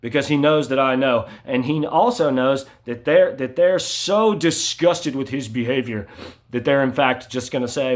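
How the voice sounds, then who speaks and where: Agitated man ranting, tagging "right?". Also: a little slow. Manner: agitated, repetitive, ends sentences with "right?"; insistent, swings between loud emphasis and low mutters. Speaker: vlogger. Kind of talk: ranting monologue to camera.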